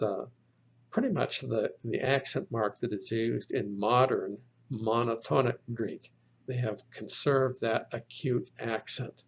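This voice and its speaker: A man teaching biblical Greek in a slow, methodical lesson, spelling out letters one by one and correcting his own slips. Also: mid-range voice, creaky, slightly rough. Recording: dull lo-fi recording.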